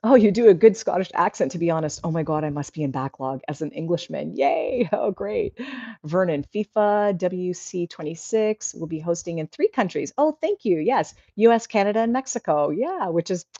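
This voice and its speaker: Low and dark but expressive at normal speed, a livestream host reads out viewer comments and responds in an earnest, encouraging, slightly rambling way. The recording is dry and muffled.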